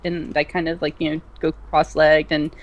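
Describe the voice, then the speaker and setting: Co-host on a game stream call, mid-pitched, keeps stopping and restarting. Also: little pitch movement, lo-fi sound. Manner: halting, restarts a lot. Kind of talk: casual livestream chat.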